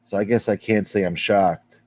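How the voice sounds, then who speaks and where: A man's voice: fairly low pitch, steady tone, moderate pace, darkish tone, no echo. A man hosting a casual livestream, reading viewer comments aloud in a rambling, sarcastic, heavily profane way. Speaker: livestream host.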